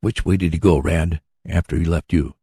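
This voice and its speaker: An eager young inventor speaks briskly, as a man reads him aloud, in a deep, dark voice. His pitch moves lively, with a gravelly edge. It is a storybook reading. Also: no echo, clean studio sound, heavily acted.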